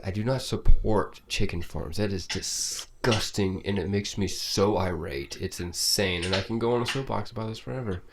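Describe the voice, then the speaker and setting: Young dude chatting on a podcast, lowish voice, swears a lot, noisy recording. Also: male voice. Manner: animated, swearing, laughing storyteller. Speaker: podcast co-host. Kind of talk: casual chat.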